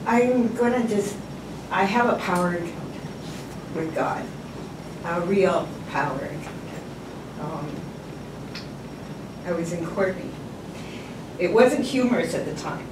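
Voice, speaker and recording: A woman sharing a testimony in a casual, animated way, laughing often as she tells her story in a church setting. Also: on the low side, a little slow, long pauses. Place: church hall. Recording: echoey room, far mic, background noise.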